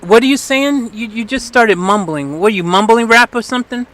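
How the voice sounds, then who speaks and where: A man's voice: extremely high pitch, normal speed, fairly bright tone. A man hosting a live stream, chatting casually and rambling with lots of fillers and restarts. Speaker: stream host. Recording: noisy background hiss.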